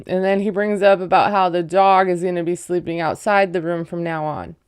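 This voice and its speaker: A woman's voice: fairly low pitch, level tone, moderate pace, smooth. A woman casually recapping a reality show episode, rambling and peppering her talk with "like" and "you know.". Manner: rambling, filler-heavy, frequent "like". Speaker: recap vlogger; parent.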